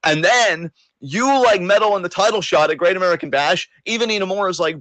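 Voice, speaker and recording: A man rants about wrestling with mock outrage and heavy swearing, his voice a little higher than most. He talks into a close mic in a dry, dead room. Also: brisk, a bit bright, no room sound, poor audio. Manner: exasperated, sarcastic, swears a lot. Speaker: wrestling podcast co-host. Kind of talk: casual profane wrestling rant.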